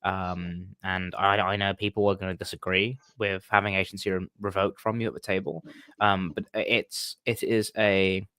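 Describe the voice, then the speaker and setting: A man's voice: low-pitched, flat delivery, moderate pace, a bit bright, smooth, no echo. A man talking casually about running tabletop games, hesitant and full of ums and restarts. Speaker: game master and stream co-host. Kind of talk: casual podcast chat.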